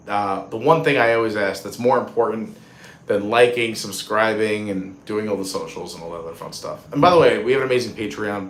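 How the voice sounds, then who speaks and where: A man's voice: fairly low pitch, echoey room, slight background noise. A man in his thirties hosting a live stream, signing off in an earnest, heartfelt, rambling way, recorded on a phone outdoors at a theme park. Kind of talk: casual live stream sign-off.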